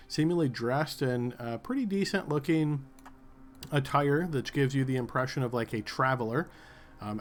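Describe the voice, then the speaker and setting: A man running a tabletop game as game master, describing scenes at a halting pace with fillers. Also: mid-range voice.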